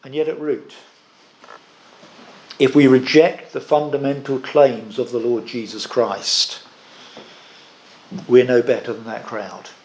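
A man preaching a sermon, earnest and emphatic, with measured pauses. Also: medium pitch, flat delivery, a little mellow.

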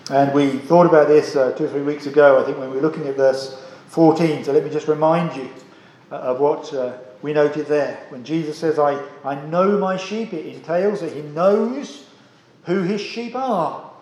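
In a church, a man preaches an earnest, emphatic sermon, asking the congregation rhetorical questions and repeating key phrases. His voice is on the high side with a darkish tone at normal speed, and the audio is roomy and poor.

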